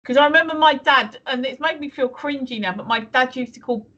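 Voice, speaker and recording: A woman's voice: high-pitched, a little fast, sharp tone, lo-fi sound. A woman co-hosting a live stream, chatting casually, giggling often and reading out chat messages. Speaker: streamer co-host.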